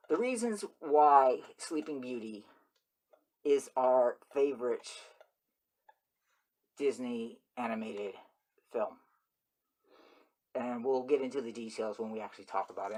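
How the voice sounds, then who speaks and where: A man hosting his channel, talking in a rambling, repetitive monologue and breaking into loud, high yelps when he mimics people. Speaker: channel host.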